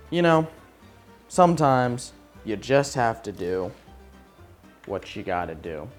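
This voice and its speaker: A man vlogging his PC build in a casual, profane and sarcastic way, ranting in frustration as he works. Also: medium pitch. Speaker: tech YouTuber.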